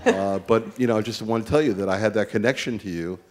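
A man's voice: fairly low pitch, quick pace, a little hiss or hum. A man from New Jersey speaking from the audience at a book event, earnest and rambling, with many fillers. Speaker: audience member.

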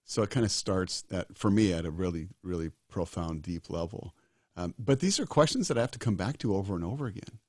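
A man's voice: low-pitched, expressive, fairly quick, a little mellow, dry recording, studio quality. A man in his sixties, a disaster doctor as a guest, talking earnestly and emphatically and repeating his key phrases. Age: 60s. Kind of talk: earnest interview talk.

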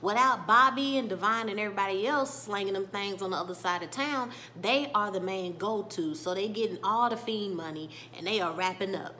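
A woman vlogger recapping a TV episode in casual speech, retelling scenes with lively quoted lines. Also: mid-range voice, a little fast, hardly any pauses, slight background noise.

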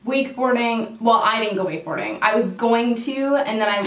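A woman's voice: on the high side, a little fast. A young woman vlogger telling a story in casual chat while doing her makeup, swearing freely. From Canada. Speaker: beauty vlogger. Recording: roomy echo from a distant mic.

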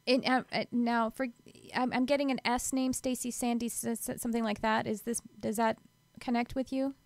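A woman's voice: fairly high pitch, level tone, normal speed, dry recording. A woman giving live psychic readings to callers on a call-in show, talking soothingly and calling them sweetheart and honey.

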